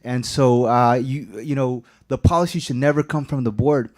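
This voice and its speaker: A man making a public comment at a school board meeting, earnest and halting, with many fillers and restarts. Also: medium pitch, a little mellow. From immigrant.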